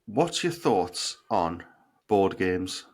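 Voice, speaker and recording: Laid-back Northern Irish man, low voice. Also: sing-song, very slow, a little mellow. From Northern Ireland. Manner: laid-back, swears casually, dry humour. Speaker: podcast co-host. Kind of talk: casual chat.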